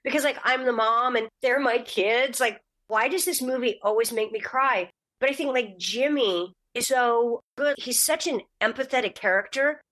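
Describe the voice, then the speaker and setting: Animated storytelling woman. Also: normal speed. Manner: animated, acts out quotes in a high voice. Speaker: guest actress. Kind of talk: casual podcast storytelling.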